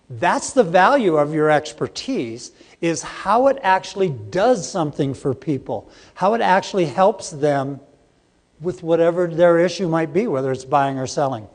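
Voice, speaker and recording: This is a middle-aged seminar presenter at a live training session in a conference hall, where a long reverb trails his words. His fairly high voice is expressive and moves at a normal speed as he jokes around and quizzes the audience.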